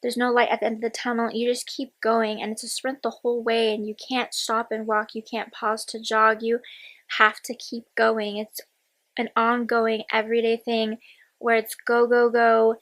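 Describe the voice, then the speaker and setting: A woman's voice: a little high, monotone, moderate pace, a bit bright, low-quality recording. A woman in her twenties talking casually in a personal diary vlog, rambling and candid, sometimes dropping to a whisper. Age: 20s. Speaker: vlogger.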